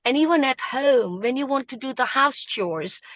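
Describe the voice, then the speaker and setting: A woman's voice: high-pitched, lively intonation, normal speed, fairly bright tone, no echo, dull audio. A woman teaching yoga mudras on a live video call, emphatic and repeating her points. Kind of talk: live online talk show.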